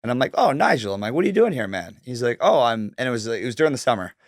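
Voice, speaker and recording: A man's voice: medium pitch, rapid-fire, dry recording, studio quality. Profane man telling stories. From Canada. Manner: profane, animated, acts out quoted voices. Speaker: guest telling his life story. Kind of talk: casual storytelling.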